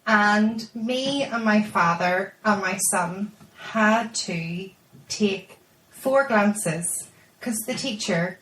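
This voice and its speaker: A woman co-hosting a podcast in casual chat, telling stories and teasing in an animated way. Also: mid-range voice, extremely slow, roomy sound, rough recording. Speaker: podcast co-host.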